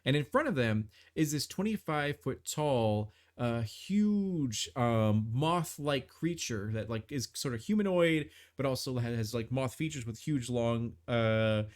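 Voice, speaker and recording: A man's voice: mid-range voice, expressive, measured pace, few pauses. A man narrating as game master of a tabletop game on a live stream, rambling with many fillers and restarts.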